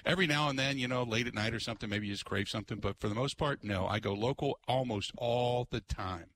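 A man hosting a talk radio show, ranting in an exasperated, animated way and putting on mocking voices. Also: mid-range voice, fast talker, slight background noise. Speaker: radio host.

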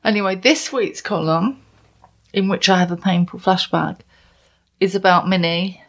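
A woman's voice: lowish voice, moderate pace. A middle-aged woman who hosts a podcast and writes a column, chatting casually with dry, teasing remarks. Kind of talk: casual chat.

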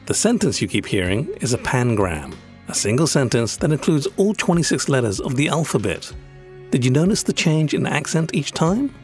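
A man's voice: mid-range voice, sing-song, moderate pace, soft background music. A British man hosting and narrating a scripted documentary segment in an explanatory way. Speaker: host and voice-over producer.

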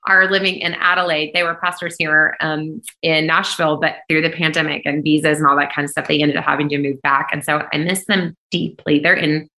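Woman worship singer on a call, earnest and emphatic, bright voice, echoey room. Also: low-pitched, level tone, brisk, few pauses. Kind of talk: heartfelt faith testimony in conversation.

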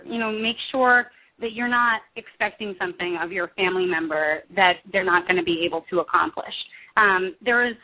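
A woman, a music therapist, talking earnestly in an interview, pausing with frequent ums and restarts. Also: medium pitch. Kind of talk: conversational interview over the phone. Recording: tinny phone line.

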